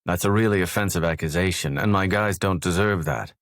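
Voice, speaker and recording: A man narrating a first-person romance audiobook in a measured, low-key way. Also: dry recording, clean studio sound.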